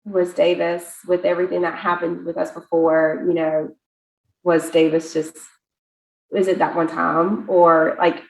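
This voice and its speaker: A woman guest on a podcast, telling a personal story in a chatty, animated way with many fillers. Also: fairly low pitch, measured pace, vocal fry. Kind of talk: casual interview storytelling. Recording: echoey room.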